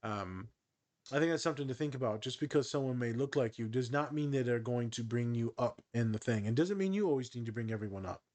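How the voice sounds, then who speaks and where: A man co-hosting a podcast in casual chat, animated and joking with sarcastic asides. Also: mid-range voice, fast talker. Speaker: podcast co-host.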